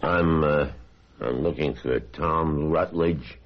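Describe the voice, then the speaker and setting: A man's voice: a bass voice, takes it slowly, background noise. An actor playing a man who poses as an old army buddy to check up on a dead friend, in a vintage-style drama. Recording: dull lo-fi audio.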